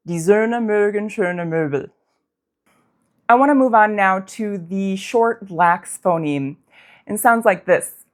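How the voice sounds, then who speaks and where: A woman giving a pronunciation lesson, demonstrating vowel sounds slowly and carefully. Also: medium pitch, animated. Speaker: language teacher.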